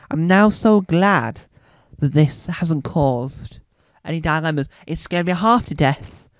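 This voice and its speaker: A British man with a slightly high voice tells a rambling stand-up story, acting out scenes with sudden loud squeals. The sound is dry and close, with no room echo. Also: lively intonation, slow. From Britain. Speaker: stand-up comedian.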